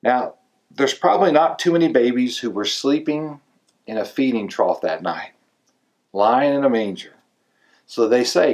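A man's voice: medium pitch, lively intonation, a little slow, long pauses, a little mellow. A male pastor preaching a sermon in a conversational way, pushing his voice up to stress key words.

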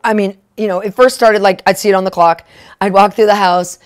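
A woman preaching and telling a story in an excitable, animated way, breaking into shouted exclamations. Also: mid-range voice, fairly quick, clean tone. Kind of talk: storytelling sermon.

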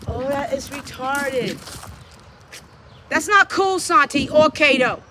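High, lively woman scolding her dogs. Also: takes it slowly, a little hiss or hum. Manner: playful scolding, laughing between lines; loud pleading calls. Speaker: pet owner filming her dogs. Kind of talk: casual vlog commentary.

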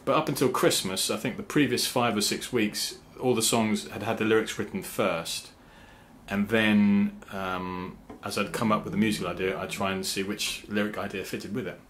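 Chatty man with a low voice. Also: fairly even intonation, a bit bright, slight background noise. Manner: halting, many fillers and restarts; sings rhythm syllables to explain meter. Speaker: songwriter and channel host. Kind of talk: casual talk to camera.

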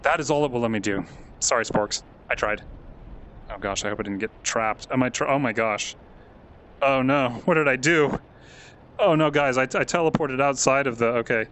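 A man's voice: medium pitch, normal speed, fairly bright tone, a little hiss or hum. A man commentating a live game stream, chatty and easily amazed, reading out and thanking viewers.

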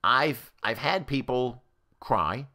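A man's voice: medium pitch, takes it slowly. A man, a therapist, giving a conversational educational talk that compares treatment methods. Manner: animated, conversational explainer.

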